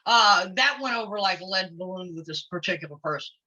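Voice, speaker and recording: A woman, a former wrestler, chatting openly in an interview, outspoken and quick to laugh. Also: fairly low pitch, animated, pushed and bright, a little hiss or hum. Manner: outspoken and blunt, laughs easily. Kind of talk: casual interview chat. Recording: lo-fi audio.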